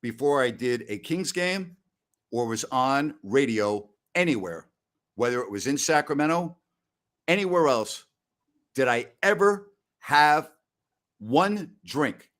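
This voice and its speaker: A man in his sixties hosting a casual post-game show, telling rambling stories loudly with salty language. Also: medium pitch, expressive, slow. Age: 60s. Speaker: host.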